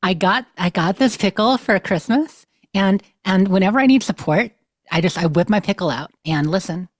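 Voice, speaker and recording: A woman's voice: medium pitch, animated, moderate pace, no echo. A woman co-hosting a podcast from her bedroom, chatty and upbeat, laughing easily. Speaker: podcast co-host. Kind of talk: casual podcast chat.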